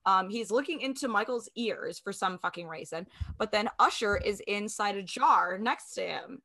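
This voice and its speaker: A woman co-hosting a podcast, recapping an episode in casual chat; she is energetic, swears casually and fills pauses with ums. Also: medium pitch. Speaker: podcast co-host.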